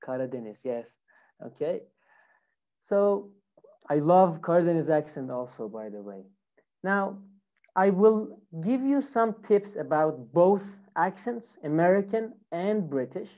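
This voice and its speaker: Low, slow-talking woman teaching English. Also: big pitch swings, warm tone, muffled recording. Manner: friendly, greets students by name. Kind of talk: online live English lesson.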